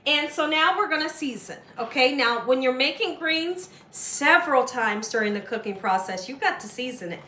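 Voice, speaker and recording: A woman's voice: high-pitched, pushed and bright, echoey room, a little hiss or hum. A woman hosting a home cooking demonstration, chatty and coaxing, often checking in with "okay?" and "right?". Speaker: cooking show host. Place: home kitchen.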